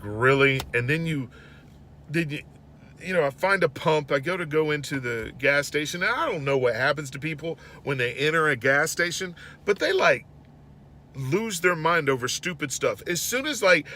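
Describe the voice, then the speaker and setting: Guy ranting thru a story, bright forceful voice, gets all worked up. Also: medium pitch, slight background noise. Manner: animated, exasperated storytelling with rising outbursts. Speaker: host. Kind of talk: storytelling monologue.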